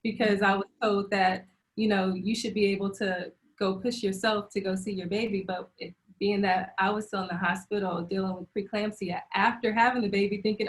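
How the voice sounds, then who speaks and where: A woman's voice: mid-range voice, moderate pace. Woman, panel guest, candid and emotional, laughs a lot, restarts, video call. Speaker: panel guest sharing birth experience. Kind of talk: personal story on a panel.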